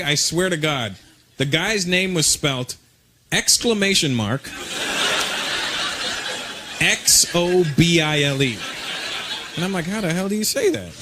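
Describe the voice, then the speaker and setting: Animated male stand-up comic. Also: sits high. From Canada. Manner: animated, casual storytelling. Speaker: stand-up comedian. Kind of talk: stand-up comedy. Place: comedy stage before an audience. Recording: live show with loud audience noise.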